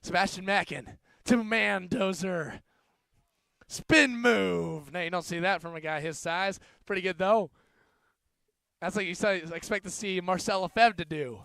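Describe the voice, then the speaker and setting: Young male rugby caller, high smooth voice, jokey, builds excitement on big plays, dry close sound. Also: a little slow, no echo. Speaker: student play-by-play commentator. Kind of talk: amateur sports commentary.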